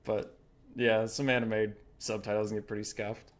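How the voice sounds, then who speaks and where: A lower-pitched young man chatting loosely as a co-caster. He jokes around, laughs easily, and drops quick asides between topics. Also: flat delivery. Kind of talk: casual chat while casting a game tourney.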